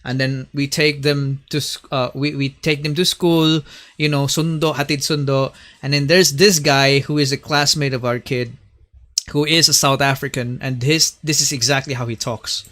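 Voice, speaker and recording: A man's voice: mid-range voice, flat delivery, normal speed, sharp tone. A man hosting a late-night reaction livestream, chatting casually and mixing in Tagalog words. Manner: chatty, mixes in Tagalog phrases.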